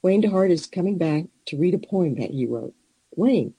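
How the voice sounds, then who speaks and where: A man hosting an event, introducing a performer and thanking him in earnest, measured remarks. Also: high-pitched, lively intonation, vocal fry, dark tone, husky, no room sound, low-quality recording. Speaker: event host.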